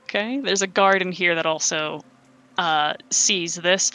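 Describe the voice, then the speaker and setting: A woman runs a tabletop game at an unhurried pace, her tone bright and forward. She narrates haltingly, stopping to correct herself and filling gaps with "uh" and "um.". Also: on the low side, soft background music, rough recording. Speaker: game master.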